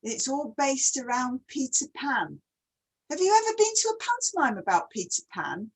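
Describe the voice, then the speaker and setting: A woman's voice: high voice, very animated, moderate pace, slightly rough, rough recording. A woman hosting a casual online chat, who talks readily and keeps asking her guest questions. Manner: chatty, asks many questions. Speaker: host.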